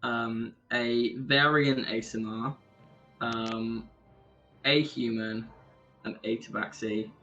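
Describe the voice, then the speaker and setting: A man casually chatting on a podcast, animated, laughing often and trying out accents. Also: medium pitch, slow, lo-fi sound, soft background music. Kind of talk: casual chat.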